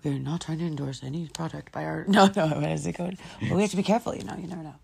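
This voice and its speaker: A woman's voice: sits low, steady tone, very fast, gravelly, a little mellow. A woman co-hosting a casual talk show, playful and giggly, making up rhymes and silly words. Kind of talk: casual joking chat.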